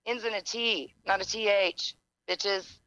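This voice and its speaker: Animated woman telling stories, dull call audio. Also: medium pitch, a little slow, clear, resonant tone, no echo. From Southwest Missouri. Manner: animated storytelling, swears freely. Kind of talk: casual comedy chat.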